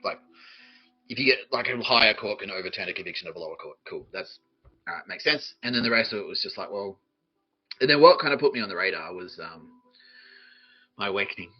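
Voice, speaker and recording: A man's voice: lowish voice, lively intonation, fast, long pauses, husky, muffled recording. An Australian man hosting a podcast, answering listener questions in a rambling, profane way and laughing often at himself. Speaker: podcast host.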